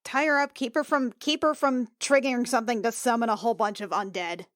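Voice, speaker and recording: A woman at a tabletop game with a fairly high voice, recorded dry and close. She talks bluntly and impatiently and swears freely. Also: fairly even intonation, brisk, no echo. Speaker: player. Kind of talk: casual tabletop play.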